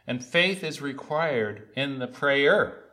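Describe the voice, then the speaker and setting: Man, preacher, sermon, bright forceful voice, earnest, emphatic repetition. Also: mid-range voice, lively intonation, slow. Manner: earnest, rising to loud emphatic calls and repeated lines.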